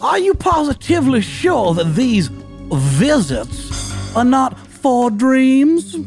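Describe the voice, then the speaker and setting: Pompous Southern attorney, badgering a witness, high and blustering. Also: male voice, big pitch swings, gravelly, soft background music, exaggerated voice. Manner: blustering, shouting, drawn-out questions.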